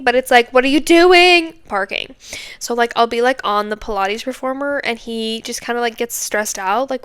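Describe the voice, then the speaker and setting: A woman's voice: fairly high pitch, fairly bright tone, smooth, no echo. A woman hosting her own podcast, ranting off the cuff in a candid, self-deprecating way and rambling through lots of filler words. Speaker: podcast host. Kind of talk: unscripted casual rant.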